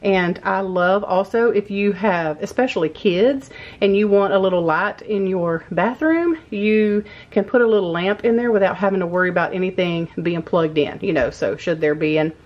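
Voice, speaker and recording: A woman's voice: mid-range voice, moderate pace, lo-fi sound. A woman, chatting casually as a vlog host, friendly and rambling, laughing now and then. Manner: friendly, rambling, uses y'all, laughs often. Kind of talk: casual chatty voiceover and haul talk. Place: home.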